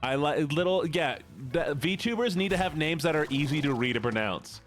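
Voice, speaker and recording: A chatty man with a Midwestern American accent, rambling through a casual stream. His pitch swings up and down a lot as he reacts to chat. Soft music plays faintly behind him. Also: animated, moderate pace. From United States. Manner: chatty, rambling, laughs often, reads chat aloud. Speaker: VTuber streamer.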